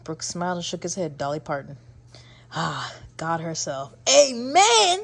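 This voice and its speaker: A woman's voice: on the low side, measured pace, creaky. A woman vlogging casually from bed, reading romance passages aloud and reacting with frequent laughter. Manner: animated, laughs often, reads passages aloud. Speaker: book vlogger. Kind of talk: casual reading vlog chat. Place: in bed at home.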